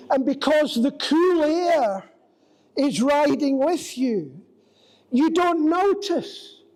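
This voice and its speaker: A man preaching a sermon in a church, telling a personal story with drawn-out, dramatic phrasing. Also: very high voice, darkish tone, low-quality recording.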